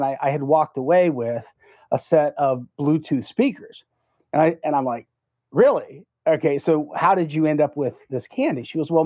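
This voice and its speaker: A middle-aged man co-hosting a podcast, telling a story in a casual, animated way and acting out the lines he quotes. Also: a little high, dry recording. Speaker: podcast co-host; negotiation instructor.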